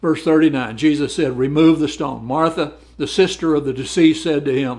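A man's voice: fairly high pitch, moderate pace, hardly any pauses, a little mellow. Man teaching a Bible lesson. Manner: conversational, repeats words while explaining; reads verses aloud then comments.

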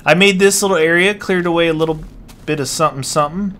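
A man's voice: fairly high pitch, quick pace, a bit bright. A man casually commenting on his game, dismayed and often exclaiming to himself as he plays. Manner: dismayed, keeps exclaiming and muttering to himself while playing. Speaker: gaming channel host. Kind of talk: casual let's-play commentary.

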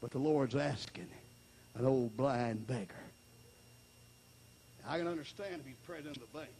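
A male evangelist preaching a fiery revival sermon, shouting and then dropping to a hush. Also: mid-range voice, normal speed, slight background noise. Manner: shouting, jumps between loud and hushed delivery.

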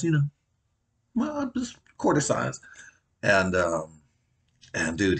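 A man's voice: low-pitched, breathy edge. A man telling a profane, rambling comedic recap of a reality show, swearing constantly and laughing at his own jokes.

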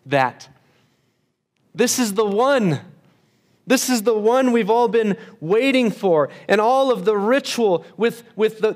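A man with a fairly high voice preaches a sermon with emphasis. He slows right down and goes quiet on key phrases, and now and then repeats words as he restarts a sentence. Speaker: pastor.

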